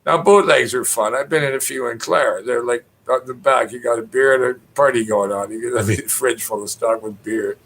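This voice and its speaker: A man's voice: mid-range voice, fairly quick, gravelly, hardly any pauses, fairly bright tone, low-quality recording. A middle-aged Canadian man ranting in a rambling spoken monologue, cursing freely and mimicking other people in raised voices. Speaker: poet.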